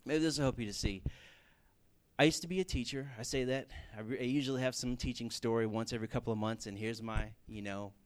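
A man preaching a sermon in a casual way, telling stories with lively bursts and everyday fillers. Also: medium pitch, fast. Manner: casual, animated storytelling with fillers. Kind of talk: sermon with storytelling.

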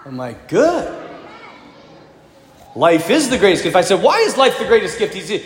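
A man, a priest, preaching a sermon in a church and telling stories with lively, animated delivery. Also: sits high, fast talker. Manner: animated storyteller, acts out children's voices. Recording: echoey church hall with long reverb.

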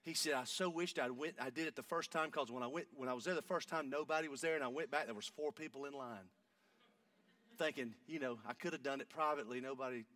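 A man, preaching a sermon and telling a story, going from hushed talk up to shouting. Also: mid-range voice, fast, no room sound, recorded from a distance.

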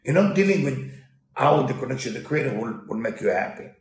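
A man's voice: mid-range voice, very animated, fast. A man giving a storytelling Torah lesson in broken English, mixing in Hebrew quotes. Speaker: Torah teacher. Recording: roomy echo.

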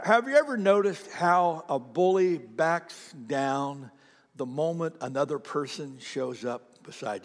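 A middle-aged man preaching a sermon as pastor, swinging from loud, emphatic declarations to hushed near-whispers and repeating lines for emphasis. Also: fairly high pitch. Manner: repeats lines for emphasis, speaks directly to the congregation. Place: large church sanctuary. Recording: church hall with long reverb.

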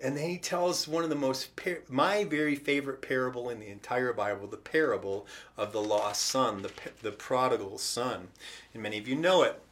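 A man's voice: medium pitch, moderate pace, fairly bright tone, a little hiss or hum. A man preaching a sermon, retelling a parable in a casual, conversational way with acted-out quotes. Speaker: pastor.

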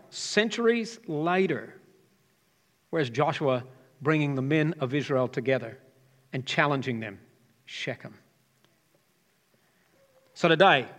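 A male pastor in his fifties delivers a lively sermon, bantering with his congregation between bold points. His voice sits a little high for a man. It rings through a hall with a long reverb tail. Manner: animated, joking with the congregation. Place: church hall.

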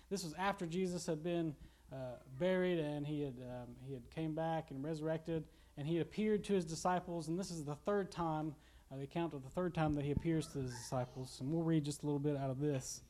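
A man's voice: a little high, brisk, dark tone. A young man with a Kentucky accent preaching a casual sermon, joking and laughing as he retells a story. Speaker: pastor.

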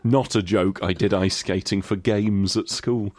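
A man co-hosting a podcast, chatting casually in a deadpan, grumbling way with some swearing. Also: fairly low pitch, a little slow. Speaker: podcast co-host. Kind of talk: casual chat.

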